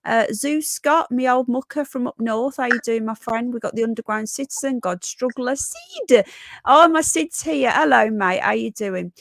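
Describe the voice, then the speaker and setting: A woman's voice: fairly high pitch, normal speed, gravelly, hardly any pauses, no echo. A woman hosting a casual live stream, chatty and affectionate as she greets viewers one by one.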